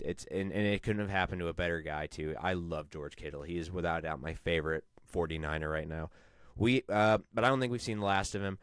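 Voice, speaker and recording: Young guy cohosting a sports pod, low smooth voice, dry close sound, jokey and laughing. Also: no echo. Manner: joking, laughs often, fast restarts. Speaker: podcast co-host. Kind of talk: casual sports chat.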